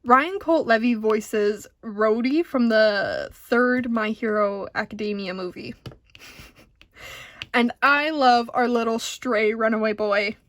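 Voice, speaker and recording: A young woman vlogger telling a convention story in a casual, excitable, giggly way, jittery from caffeine. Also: a little high, dry recording. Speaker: diamond painting vlogger.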